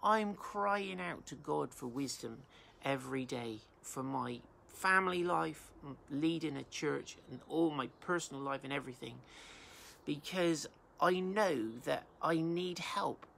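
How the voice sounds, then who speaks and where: A man's voice: fairly high pitch, measured pace, gravelly, a bit bright, slight background noise. A man pastor from England giving an informal Bible talk, reading verses aloud and then explaining them in plain words.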